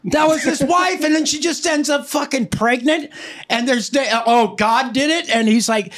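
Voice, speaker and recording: High-voiced man riffing with crude jokes. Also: normal speed, fairly bright tone. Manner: rambling, joking, heavy swearing. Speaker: podcast host. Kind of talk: casual profane banter.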